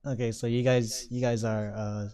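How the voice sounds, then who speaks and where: A man acting as game master for a tabletop game, describing caves, goblins and rivers. His voice sits at a middle pitch. He narrates loosely, stumbling over words and filling pauses with "like" and "uh". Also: warm tone, clear, resonant tone. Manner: loose, halting narration with many fillers.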